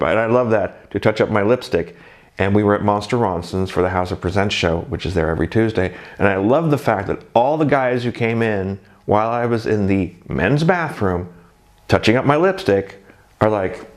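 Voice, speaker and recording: A man with a somewhat low voice talks in a loose, rambling monologue. He pokes fun at himself as he chats along. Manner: rambling, self-deprecating, chatty. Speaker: drag performer reflecting on first night.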